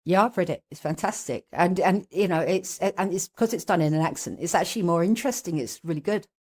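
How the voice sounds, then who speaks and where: A woman's voice: on the low side, fairly quick, darkish tone. A woman with a London accent chatting casually, often stumbling and repeating words. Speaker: podcast regular. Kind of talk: casual group chat.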